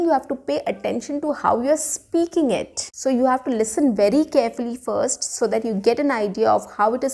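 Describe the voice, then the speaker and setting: A woman teaching a spoken lesson to camera, smiling and expressive, with many "okay" and "you know" fillers. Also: fairly high pitch. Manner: frequent "okay" and "you know" fillers, demonstrates intonation with example sentences; smiling and expressive while speaking. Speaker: English teacher.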